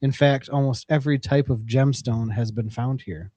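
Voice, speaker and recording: A man's voice: mid-range voice, steady tone, moderate pace, mellow, no room sound, lo-fi sound. Upbeat man plugging his podcast, dry mic. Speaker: podcast co-host. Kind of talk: casual podcast chat and segment reading.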